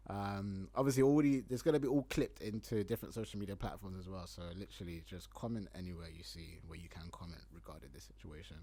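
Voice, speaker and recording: A man's voice: sits low, fast talker, hardly any pauses, mellow. A young man with a London accent, hosting a podcast and telling a casual story, acting out his own lines and laughing often. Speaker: podcast host.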